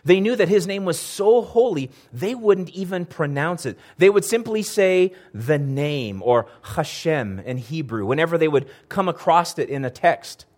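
A man preaching a sermon, earnest, building emphasis, pausing now and then to clear his throat. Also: on the high side, animated, a little mellow. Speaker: pastor.

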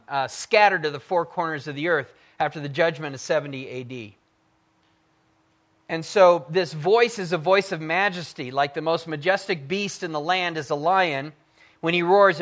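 Man, Bible teacher, emphatic, loud-to-soft delivery, somewhat high voice. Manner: emphatic, swings from loud to quiet; reads scripture aloud with fervor.

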